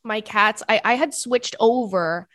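A young woman hosting a podcast in casual chat, animated and prone to high, squealing laughter, recorded close on a microphone. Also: a little slow, dry recording. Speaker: podcast host.

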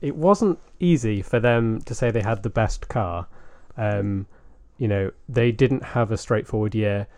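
Rich: A man co-hosts a podcast and speaks in a chatty way, recalling details with plenty of fillers. His voice sits fairly low. The sound is dry and close to the mic. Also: a little slow, few pauses, a little mellow, dry recording. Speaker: podcast co-host. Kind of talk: casual podcast chat.

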